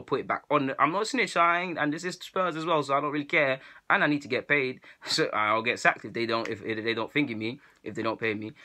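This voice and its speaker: Fast, bright-voiced young man. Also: mid-range voice. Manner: animated, slangy, laughs at his own stories. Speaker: vlogger. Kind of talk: casual storytelling to camera.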